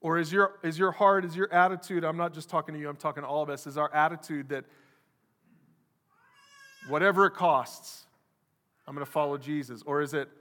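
A man preaches in a lively, animated way, slipping into quoted voices as he goes. His voice sits a little high and sounds sharp and bright. A long reverb from a large church hall trails after every word. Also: fairly quick, long pauses. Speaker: pastor. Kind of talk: sermon.

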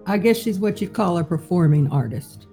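A woman running a tabletop role-playing game as game master, playful and quick to laugh. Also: fairly low pitch, lively intonation, warm tone, soft background music.

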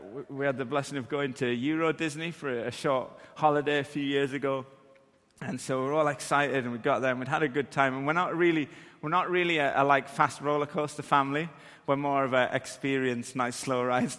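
A man, preaching and telling a funny story about himself in a lively way that acts out the scenes. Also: medium pitch, long reverb tail. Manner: animated, self-deprecating, acts out scenes. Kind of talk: humorous sermon storytelling.

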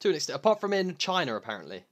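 Casual North London male, lively pitch, chatty, swears, does bad impressions. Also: racing. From England. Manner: animated, swearing, mimics accents. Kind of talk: casual chat.

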